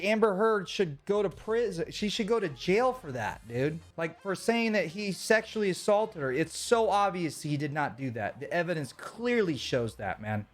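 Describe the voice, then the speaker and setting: A man in his thirties ranting heatedly during a casual livestream, swearing often. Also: fairly high pitch. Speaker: streamer.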